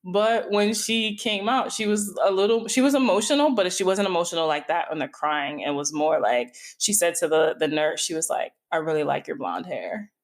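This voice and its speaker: A woman's voice: fairly low pitch, moderate pace, hardly any pauses. A middle-aged woman hosting a solo podcast, talking candidly and confidingly and speaking straight to her listeners. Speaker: podcast host and coach. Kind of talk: reflective solo podcast talk.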